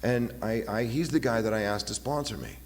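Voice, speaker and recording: A man in his fifties giving a halting, personal talk at a recovery meeting, often repeating his words and acting out voices as he retells. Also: fairly low pitch. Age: 50s. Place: meeting hall. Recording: long hall reverb, faint hiss.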